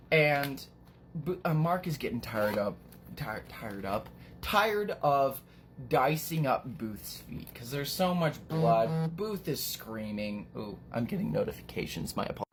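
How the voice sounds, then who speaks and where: An excitable book vlogger rambles through a plot recap in a casual, slangy way. The voice sits at a mid pitch, and the recording was made at home. A faint hiss lies under the speech. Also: unhurried.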